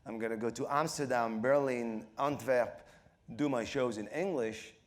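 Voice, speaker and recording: A comedian guest of medium pitch, a middle-aged Moroccan man with a French accent, is interviewed on stage. He laughs a lot, imitates voices, and speaks haltingly in bursts, using plenty of fillers.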